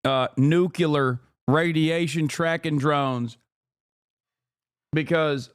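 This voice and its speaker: Smooth-voiced sarcastic male streamer. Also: a little high, measured pace. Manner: combative, sarcastic, profane. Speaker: livestream host. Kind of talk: livestream reaction commentary.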